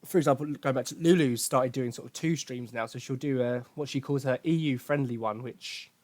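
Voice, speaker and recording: A man in his twenties with an Essex accent chats loosely as a podcast host, joking and swearing as he tells stories. His voice sits in a middle pitch, and the sound is dry with no room echo. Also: a little fast, darkish tone. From England. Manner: chatty, swearing, jokey storytelling. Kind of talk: casual chat.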